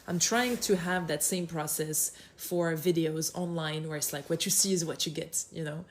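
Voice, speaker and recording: A lively woman with a French accent, talking through her thoughts in a relaxed podcast monologue. Her voice sits a bit low for a woman. She swears casually and slips into French expressions mid-sentence. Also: normal speed, few pauses. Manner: energetic, swears freely, drops French phrases. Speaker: podcast host.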